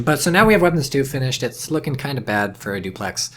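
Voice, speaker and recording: A man giving casual solo commentary on a competitive video game, rambling and dropping deadpan jokes. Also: mid-range voice, fast, hardly any pauses, slight background noise. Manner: rambling, deadpan jokey asides. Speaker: esports caster.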